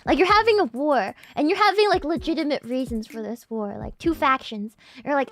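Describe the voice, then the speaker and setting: Woman, VTuber streamer, casual chat, playful and giggly, very expressive pitch, faint background music. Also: normal speed, few pauses.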